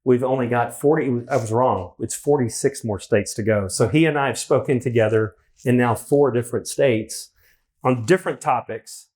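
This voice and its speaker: A man's voice: mid-range voice, normal speed, a little mellow. Rambling male host at a live event. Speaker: host, interviewer. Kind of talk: live onstage conversation. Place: event hall with audience.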